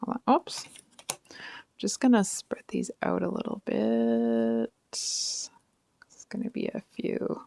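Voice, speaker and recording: A woman's voice: rumbling low, sing-song, takes it slowly, gravelly, pauses often, mellow, dry recording. A woman giving a casual, frank tarot reading straight to her viewers, chatty and full of asides. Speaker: tarot reader.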